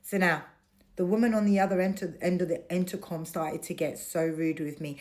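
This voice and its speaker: A woman's voice: on the low side, steady tone, brisk, a little mellow. A middle-aged woman, telling a personal story to camera in an indignant, emphatic rant. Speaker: vlogger.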